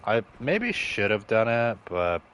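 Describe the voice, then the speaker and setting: Low-voiced man rambling while gaming. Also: very animated, takes it slowly, crowd noise. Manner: rambling, profane, joking to himself. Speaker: streamer. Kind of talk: casual gaming commentary.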